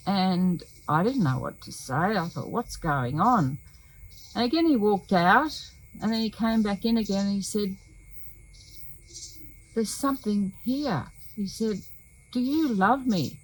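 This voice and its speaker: An older woman, telling a personal testimony in a slow, earnest way with many pauses. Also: medium pitch, rough recording. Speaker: women's talk show host.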